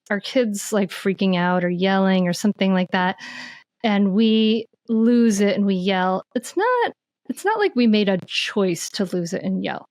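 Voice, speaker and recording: A woman guest on a parenting podcast, telling stories in an animated, searching way with many restarts. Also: medium pitch, no echo. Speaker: guest, mindful parenting teacher. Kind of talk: conversational podcast interview.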